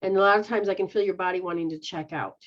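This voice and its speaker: A woman's voice: lowish voice, steady tone, fast. A woman healer guiding someone through a healing session, repeating a chant-like refrain and speaking directly to them. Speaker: spiritual healer. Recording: dull lo-fi recording.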